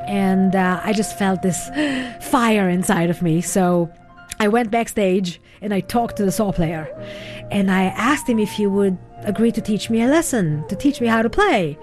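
A woman telling her own story in a radio interview, reflective and expressive, acting out the voices she quotes. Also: mid-range voice, normal speed, soft background music. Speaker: interview guest, musician.

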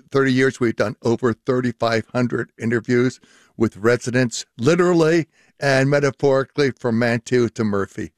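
A man's voice: medium pitch, no room sound, studio quality. An older man, a linguistics professor, explaining at length in a radio interview and laughing often.

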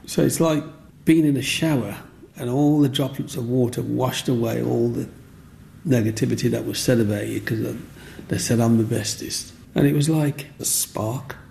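Gravelly older man. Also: mid-range voice, normal speed, slight background noise. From Black Country, England. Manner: lively, acts out voices in his stories. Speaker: interviewee. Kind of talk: animated personal storytelling.

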